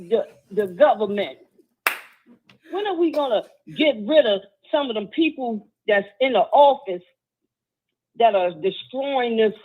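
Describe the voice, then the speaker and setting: A woman's voice: fairly high pitch, slightly rough. A woman from Washington, D.C. calling in to a show, earnest and churchy, stumbling over her words. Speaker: caller. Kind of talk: phone call-in. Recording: tinny phone line.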